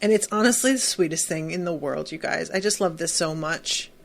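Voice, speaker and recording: A woman's voice: deep voice, a little fast, gravelly. A woman hosting a podcast, recapping a TV episode in a casual, gushing, emphatic way with lots of fillers. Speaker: podcast host.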